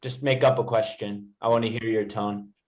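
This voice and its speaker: A man's voice: lowish voice, steady tone, normal speed, a little mellow. A man with a standard American accent, patiently explaining pronunciation in a one-to-one English lesson, with frequent fillers. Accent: General American. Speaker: English teacher.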